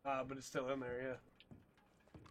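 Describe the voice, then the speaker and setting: A man's voice: medium pitch, monotone, slow pace, fairly bright tone, slight background noise. A man chatting and joking casually while playing a video game. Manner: chatty, joking, talks to horse. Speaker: gamer.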